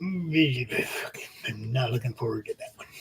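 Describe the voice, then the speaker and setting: A man's voice: mid-range voice, expressive, slow, gravelly, a crowd in the background, low-quality recording. A man co-hosting a casual livestream chat, rambling and offhand and swearing casually as he looks over new comics. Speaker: co-host.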